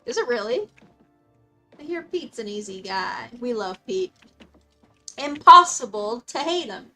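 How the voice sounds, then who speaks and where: A woman's voice: a little high, unhurried. Bubbly young woman streamer, music behind. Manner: bubbly, excitable, talks to her dog. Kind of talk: casual live-stream chat reading comments. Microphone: desk mic, dog close by.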